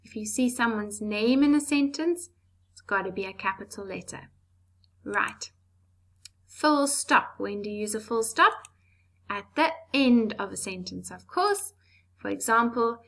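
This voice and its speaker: A woman teaching an English lesson to young children, slow, clear and patient with playful asides. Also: mid-range voice, expressive, fairly bright tone. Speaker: primary school teacher.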